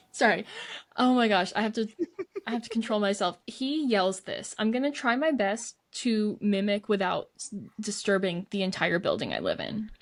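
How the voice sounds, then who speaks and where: A woman co-hosting a casual podcast, retelling stories in an animated way and swearing freely, recorded at home. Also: medium pitch, a little slow, pauses often. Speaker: podcast co-host. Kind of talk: casual chat. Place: at home in an apartment.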